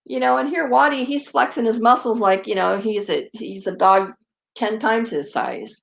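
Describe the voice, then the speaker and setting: A woman's voice: fairly high pitch, expressive, moderate pace, creaky, dull audio. A woman vlogger chatting casually and rambling, often turning to talk to her dogs. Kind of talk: casual chat.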